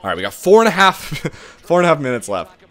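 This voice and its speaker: A young man commentating his own game as he plays, his voice swinging widely in pitch from low mutters to sudden yells. His tone is bright and forward, and he swears freely when things go wrong. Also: big pitch swings, fast, faint music behind. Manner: frustrated, swears often, loud outbursts. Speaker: gaming channel host. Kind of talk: live gameplay commentary.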